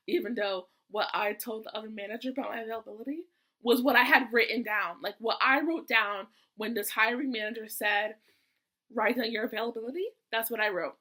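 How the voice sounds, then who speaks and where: A young woman with a fairly high-pitched, sharp-toned voice narrates a casual storytime vlog. The young adult student keeps it chatty and exasperated, dropping sassy asides along the way.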